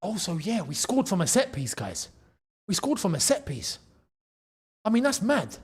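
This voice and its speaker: A man hosting a live football watchalong, reacting to play and chatting to viewers, shouting at big moments. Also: high voice, normal speed, husky. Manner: excitable, shouts at goals, chats to viewers. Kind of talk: live match watchalong commentary.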